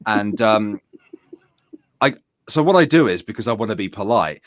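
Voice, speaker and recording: A British man in his thirties, co-hosting a stream and telling a rowdy story in casual chat, swearing freely and acting out his own shouting. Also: fairly low pitch, animated, normal speed, no room sound, studio quality. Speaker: streamer and co-host.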